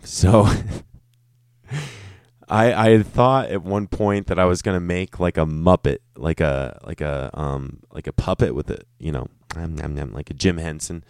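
Man, very low voice, casual profane storytelling, rambling, dry recording. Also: unhurried, a little mellow, no room sound. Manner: rambling, self-interrupting, laughing asides. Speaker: storyteller, former restaurant server.

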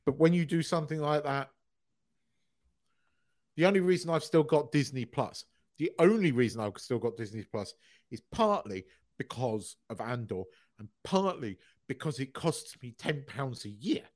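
A man's voice: mid-range voice, lively intonation, normal speed, darkish tone. A man co-hosting a podcast, chatting casually with frequent fillers and casual swearing. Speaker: podcast co-host. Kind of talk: casual chat.

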